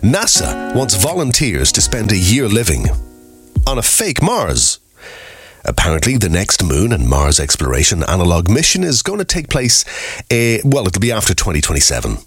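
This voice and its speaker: A man presenting on a country music radio station, chatting casually in a rambling, animated way. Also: lowish voice, fairly quick, husky, no room sound. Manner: rambling, animated, mocking asides.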